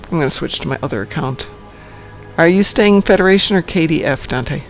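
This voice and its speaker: With soft music in the background, a streamer chats casually with his teammates during a live game, friendly and easygoing and quick to laugh. He speaks on the high side, fairly quickly, with vocal fry.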